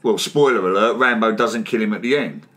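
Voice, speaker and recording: A man's voice: lowish voice, fairly quick, a bit bright. Man hosting a sweary film chat. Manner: sweary, jokey, reads recap lines. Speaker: podcast host. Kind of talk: casual chat and scripted recap.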